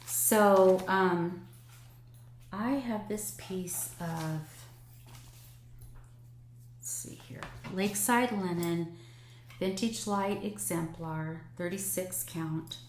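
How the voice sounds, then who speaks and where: A woman in her sixties chatting warmly through her cross-stitch projects, gushing over patterns with plenty of ums. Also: on the low side, steady tone, extremely slow, pauses often. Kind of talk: casual show-and-tell chat. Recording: echoey room with faint noise.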